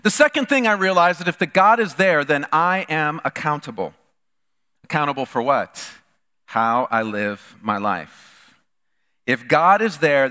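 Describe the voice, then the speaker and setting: High-voiced preacher in an echoing hall. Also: male voice. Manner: storytelling, rhetorical questions, swings between loud and quiet. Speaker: lead pastor. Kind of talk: sermon.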